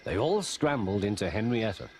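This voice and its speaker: A man reading a storybook aloud in a measured, expressive way. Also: lowish voice, noisy background. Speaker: narrator. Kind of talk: storybook narration.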